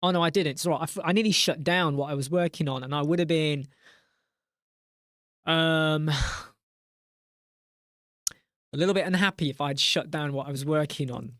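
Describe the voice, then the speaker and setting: A man's voice: on the high side, moderate pace, pauses often, a bit bright, no room sound, clean studio sound. A man hosting a casual live chat, rambling and joking, reading out viewer names in a mock-exasperated way. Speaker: live stream host.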